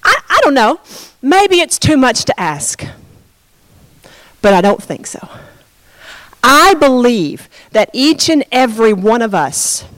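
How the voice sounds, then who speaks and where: A woman pastor telling a story in a sermon, expressive and conversational, addressing her congregation. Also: a little high, slow, long pauses, dry recording.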